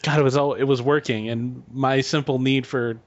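A man's voice: mid-range voice, steady tone, normal speed. Male co-host, wry jokester, mid-range voice, muffled call line. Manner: joking, wry. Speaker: podcast co-host. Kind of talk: casual chat over a call. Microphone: internet voice call.

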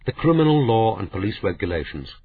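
A man's voice: fairly low pitch, big pitch swings, a little fast, husky, voice pushed up, exaggerated voice. A man voicing a bitter, defensive young male detective in a weary, pained tone. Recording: narrow, phone-like audiobook sound.

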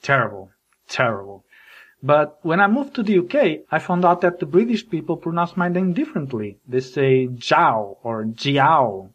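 A Portuguese podcast host performs a scripted comedic monologue, telling jokey stories with animation and mock voices. His husky voice sits high and runs a little fast with few pauses, on dull-sounding audio.

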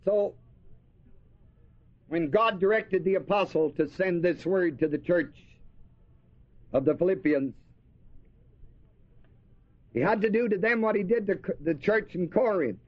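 A man's high-sitting voice preaches unhurriedly, leaving long pauses as he asks listeners questions, answers them, and repeats key words for emphasis. The recording has no room sound and is dry, dull and lo-fi.

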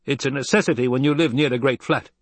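Man doing a calm lecturing desert ecologist. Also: fairly high pitch, a little fast, husky, no room sound, pitched above the performer's own voice. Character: cold scholarly male desert ecologist.

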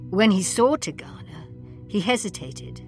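A woman narrating an audiobook in a measured, even manner. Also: mid-range voice, faint music behind. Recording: long reverb.

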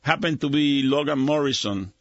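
A man's voice: mid-range voice, moderate pace, no echo, lo-fi sound. An older man, a guest on a radio show, talking in a plain, rambling way. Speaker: guest, host's father. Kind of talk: casual radio chat.

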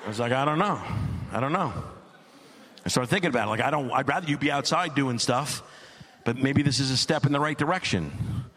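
A middle-aged man telling a stand-up story as an exasperated dad, animated and climbing to near-shouts. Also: mid-range voice, quick pace. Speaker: stand-up comedian.

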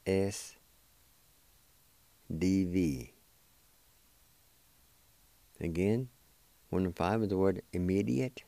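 A man hosting a radio language lesson, spelling words letter by letter and pronouncing them slowly and deliberately. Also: sits low, gravelly, mellow, smooth, dry recording. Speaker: radio host teaching language.

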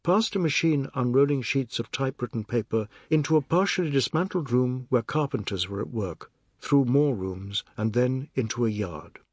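A male audiobook narrator reads at a measured, descriptive pace. His voice is husky, with a lively, shifting pitch. It sounds close and dry, with no room around it. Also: no room sound.

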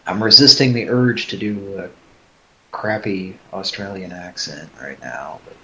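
A man's voice: deep voice, a little slow, pushed and bright, muffled recording. A man hosting a live stream in casual chat, rambling and hesitant with self-mocking humor.

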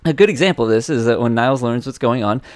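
A man's voice: medium pitch, fast talker. Chatty man co-hosting a podcast. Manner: rambling, chatty, many fillers and restarts. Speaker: podcast co-host. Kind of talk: casual podcast chat, reading listener emails.

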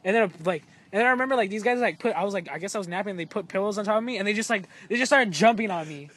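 A man's voice: high-pitched, rapid-fire, fairly bright tone. A young man telling stories in a casual chat, rambling with lots of "like" and swearing, often laughing. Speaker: podcast co-host.

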